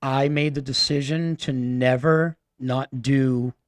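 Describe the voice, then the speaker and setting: Radio guest, man, from Massachusetts, earnest and halting storyteller, dry studio sound. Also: medium pitch, fairly even intonation, no room sound. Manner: earnest, halting, many fillers. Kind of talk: personal storytelling.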